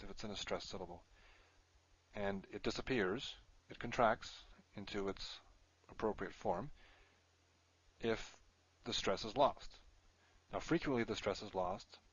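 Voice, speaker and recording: Lower-voiced man explaining a language lesson. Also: highs cut off. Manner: explanatory, self-correcting, thinking aloud with fillers. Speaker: Hebrew teacher. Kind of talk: recorded screen lesson.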